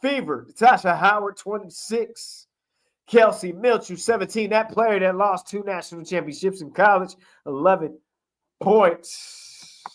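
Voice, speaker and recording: A man's voice: high voice, unhurried. A man co-hosting a sports stream, reading game stats with playful asides. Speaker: co-host. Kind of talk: sports recap.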